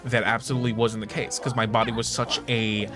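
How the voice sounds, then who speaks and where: A man's voice: mid-range voice, little pitch movement, fairly quick, over music. A man in his late twenties chatting casually while streaming a game, joking, swearing and laughing often. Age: 20s. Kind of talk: casual gaming stream chat.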